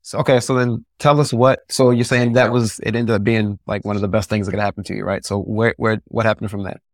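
A man hosting an interview, asking measured questions and checking in with "right?" as he sums up the story. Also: lowish voice, flat delivery, no room sound, studio quality. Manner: measured, prompting, frequent "right?" check-ins. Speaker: podcast host, interviewer.

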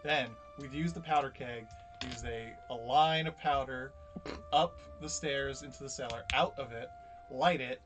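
A man at a tabletop role-playing session, eagerly walking the group through a scheme as he thinks aloud. His voice sits at a middle pitch, with music clearly playing behind him. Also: a little slow. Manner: planning eagerly, thinking out loud. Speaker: player. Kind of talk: casual tabletop game chat.

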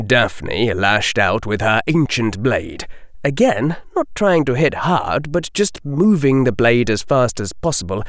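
Sex: man. Role: audiobook narrator. Style: expressive, lively storytelling. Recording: dry studio sound. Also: mid-range voice, measured pace, no echo.

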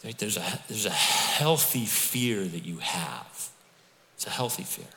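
Conversational preacher in a reverberant hall. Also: male voice, fairly low pitch, measured pace. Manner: conversational storytelling preacher, animated with asides. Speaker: pastor. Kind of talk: sermon.

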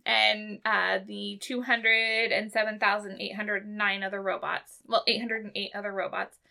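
A woman's voice: medium pitch, little pitch movement, creaky, pushed and bright. A woman co-hosting a podcast, recapping a TV episode in casual chat, swearing and laughing often. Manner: swearing, laughing, recapping scenes in quick bursts. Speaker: podcast co-host.

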